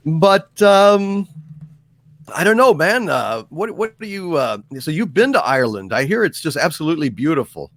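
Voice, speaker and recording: A man hosting a casual livestream, reading super chats aloud and toasting his viewers in a halting way with many fillers. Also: on the high side, very animated. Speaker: livestream host.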